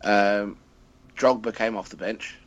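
A man's voice: fairly low pitch, steady tone, slow, fairly bright tone, muffled recording. A man in a casual football chat, chiming in with dry, short remarks. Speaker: podcast co-host.

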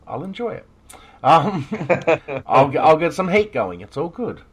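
A man's voice: on the high side, very animated, measured pace, a crowd in the background. An Australian man hosting a casual podcast chat, rambling with lots of fillers and frequent laughs. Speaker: podcast host.

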